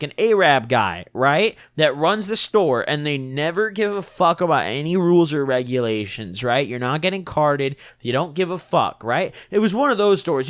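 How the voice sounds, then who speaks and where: Animated young man telling a story. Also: a little high. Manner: animated, slangy and profane storytelling. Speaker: vlogger. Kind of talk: storytime vlog.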